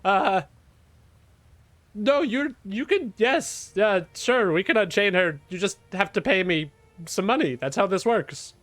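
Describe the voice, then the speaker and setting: A haughty female creature, voiced by a man, talks down to everyone in a high, bright, lilting tone. She stretches her words slowly and grandly. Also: expressive, no room sound. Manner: pompous, drawn-out, condescending. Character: vain self-important female creature named Tech.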